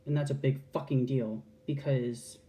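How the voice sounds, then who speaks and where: A woman's voice: extremely low pitch, steady tone, normal speed, mellow. A trans woman talking frankly to camera in a casual, heartfelt vlog, swearing freely and restarting her sentences. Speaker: vlogger.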